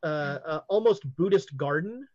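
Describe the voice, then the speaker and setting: A game master narrating a tabletop game scene, halting with many fillers and restarts. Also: mid-range voice, animated, darkish tone, highs cut off.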